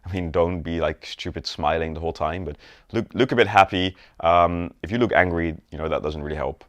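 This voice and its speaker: A man's voice: sits low, fairly quick, no room sound. A man teaching sales in a conversational video lesson, often checking in with the viewer and demonstrating gestures as he talks. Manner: demonstrates postures and gestures while talking. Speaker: sales coach.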